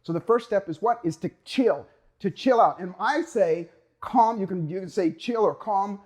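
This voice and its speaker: A man giving a motivational talk, energetic and emphatic, acting out the voice of a worried mind and stretching key words for effect. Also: sits high. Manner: energetic, acts out inner voices, drawn-out emphasis. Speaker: motivational speaker.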